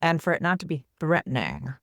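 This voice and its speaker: A woman's voice: low voice, very animated, fairly quick, creaky, no room sound, clean studio sound. A woman therapist speaking as a guest in an interview, explaining earnestly and often checking in with "right?". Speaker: therapist and author, podcast guest. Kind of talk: conversational interview.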